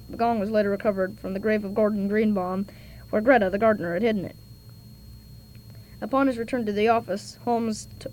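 A woman reading a children's detective story aloud in clear, steady narration. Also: mid-range voice, a little hiss or hum, poor audio. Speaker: reader.

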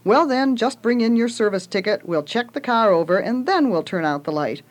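A woman's voice: on the high side, expressive, normal speed, voice pushed up, lightly acted. A woman voicing a big, burly male garage worker who talks bluntly and growls his lines. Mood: gruff.

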